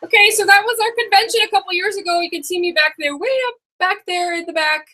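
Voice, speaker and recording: A woman's voice: extremely high pitch, fairly even intonation, fast, sharp tone. A middle-aged woman hosting a live stream on her computer, talking in a chatty, rambling way and often correcting herself. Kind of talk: casual live-stream chat. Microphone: computer microphone.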